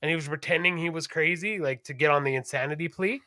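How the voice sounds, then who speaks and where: A man co-hosting a podcast in casual chat, rambling, animated and profane. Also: on the high side, fast, no room sound, studio quality. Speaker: podcast co-host.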